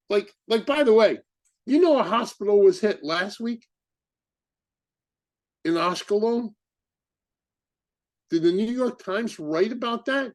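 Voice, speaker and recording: Fired-up man ranting, high voice. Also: a little mellow. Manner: heated, indignant, rapid rhetorical questions. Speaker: podcast host. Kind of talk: impassioned commentary.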